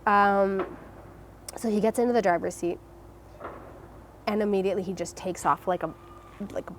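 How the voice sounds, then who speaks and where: A young adult woman telling her personal story as an interview guest, emotional and halting, with many restarts and fillers. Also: medium pitch, steady tone, slight background noise.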